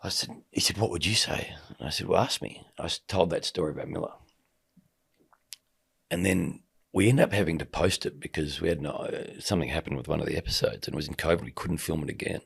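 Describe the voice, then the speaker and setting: Quick and very deep, his voice comes out creaky and husky as this middle-aged sports commentator, a guest on a podcast, relates a personal story in easy conversation. He tells it vividly, playing out the quoted dialogue along the way.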